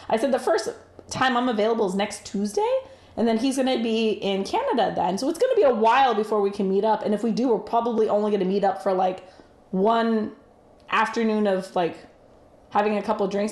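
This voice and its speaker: A woman hosting a casual livestream, chatting and laughing often while she bakes and reads out viewer comments. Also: a little high. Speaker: livestream host. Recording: roomy echoey room.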